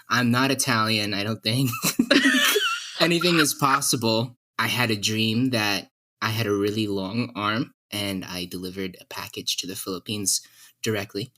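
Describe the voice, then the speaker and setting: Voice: mid-range voice, bright, forceful tone. A podcast guest in casual comedic chat, playful and rambling, telling goofy stories.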